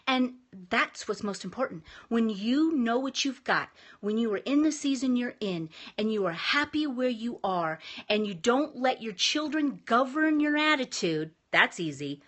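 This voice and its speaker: A woman's voice: mid-range voice, lively intonation, normal speed, a bit bright. A woman in her thirties giving a casual, emphatic motivational talk as a vlogger, chatty and upbeat with frequent restarts.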